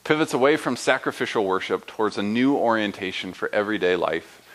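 A man's voice: on the low side, expressive, brisk, fairly bright tone, rough recording. A young adult man preaching a sermon in a conversational way, often asking listeners rhetorical questions and checking in with "right?". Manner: uses fillers and "right?" often. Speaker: pastor.

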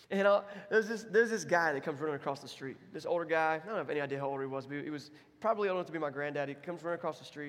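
A man's voice: on the high side, rapid-fire, hardly any pauses, fairly bright tone. A young adult man preaching a sermon as pastor, conversational and storytelling, swinging into voiced quotes. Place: church sanctuary. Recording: long hall reverb.

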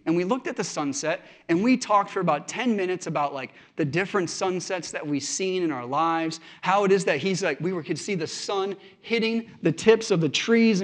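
A male pastor preaching in a slightly high-pitched voice. He speaks conversationally and earnestly, weaving stories from home life into his sermon. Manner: conversational storytelling from family life.

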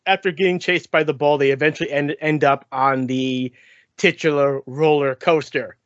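A man co-hosting a casual talk show about cartoons, relaxed and joking, stretching out words for effect. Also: fairly high pitch, moderate pace, dry recording, highs cut off. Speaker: podcast co-host. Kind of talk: casual cartoon review chat.

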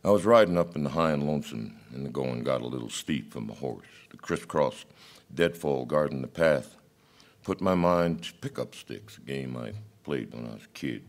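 A man reading a story aloud as a plainspoken male cowboy hunter, folksy and unhurried. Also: very deep voice, lively intonation.

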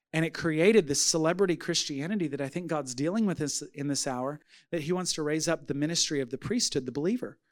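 A man preaching a sermon as pastor, telling a story with lively acted-out voices. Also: a little high. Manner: animated storytelling, acting out voices.

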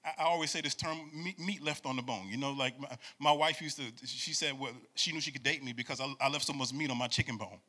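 A man in his forties preaching a conversational sermon as pastor, animated and repetitive, sliding into sing-song phrases and calling for responses from the congregation. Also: mid-range voice, fast, hardly any pauses. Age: 40s.

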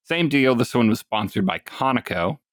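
A man's voice: medium pitch, animated, moderate pace, a bit bright, dry recording, studio quality. A man in a casual podcast chat, laying out facts with offhand asides. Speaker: podcast guest presenting the topic.

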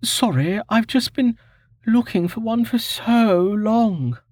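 A brash young woman adventurer, as a male narrator puts her on, her voice pitched high above his own and full of urgent, pouting impatience. The storybook reading sounds dry and close. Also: animated, slow, darkish tone, slightly rough, dry recording, heavily acted. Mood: eager, pouting. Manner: eager, pouty.

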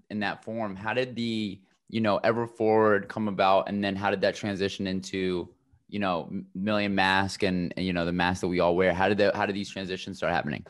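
A man hosting an interview, supportive, asking long rambling questions full of fillers. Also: fairly low pitch. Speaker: podcast host. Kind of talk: casual interview.

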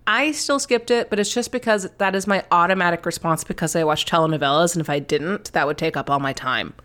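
A woman's voice: lowish voice, fairly quick. A woman co-hosting a podcast, chatting casually about a film, swearing freely and laughing often. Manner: swearing, laughing, lively commentary. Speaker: podcast co-host.

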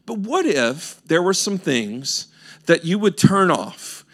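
A man's voice: high-pitched, big pitch swings, slow, fairly bright tone. A male pastor preaching a sermon, earnest and building with repeated rhetorical questions.

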